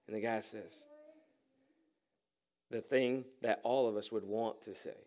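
A man's voice: mid-range voice, steady tone, takes it slowly, pauses often, a little mellow. A pastor preaching a conversational sermon to his congregation, acting out the people in the story with humor. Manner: conversational, acts out voices with humor. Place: church sanctuary.

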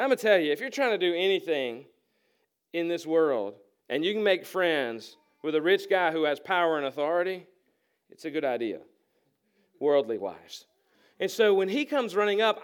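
In the church sanctuary, this man's high voice rings clear and resonant as he preaches to his congregation. His sermon is conversational, and he humorously acts out the characters in the story.

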